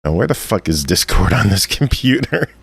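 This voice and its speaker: Lively laughing male podcast host. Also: moderate pace, gravelly, slightly rough, no echo. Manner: laughing, lively, cursing freely. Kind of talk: casual chat. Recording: warbly low-bitrate voice chat.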